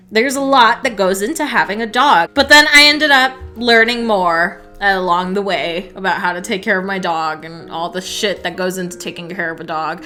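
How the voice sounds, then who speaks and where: A woman's voice: mid-range voice, pushed and bright. A young woman telling a casual story-time vlog, chatty and swearing a lot. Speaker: vlogger.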